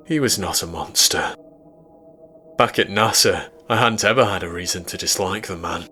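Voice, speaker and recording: Low measured English male narrator. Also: pushed and bright. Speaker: horror story narrator. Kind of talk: scripted horror narration.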